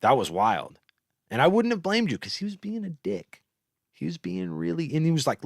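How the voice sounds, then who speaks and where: A man's voice: medium pitch, normal speed, long pauses, dry recording, studio quality. A man hosting a show, telling stories in a casual, profane, rambling monologue. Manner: profane, animated storytelling. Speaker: host.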